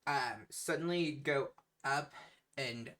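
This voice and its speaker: A game master narrating a tabletop game in an unhurried way, with many fillers. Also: mid-range voice, a bit bright.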